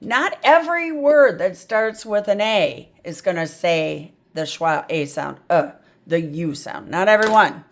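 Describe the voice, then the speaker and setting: Slow, chatty woman reading tutor. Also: on the low side, expressive. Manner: chatty, self-interrupting, thinks aloud. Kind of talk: phonics lesson at a whiteboard.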